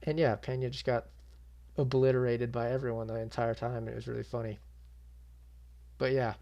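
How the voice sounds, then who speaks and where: A man's voice: medium pitch, level tone, moderate pace, gravelly, dark tone. A young man with a mid-range voice talks straight to his audience in a loose, unscripted recap. He is blunt and exasperated, and he swears freely. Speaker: MMA channel host. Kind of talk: casual reaction commentary.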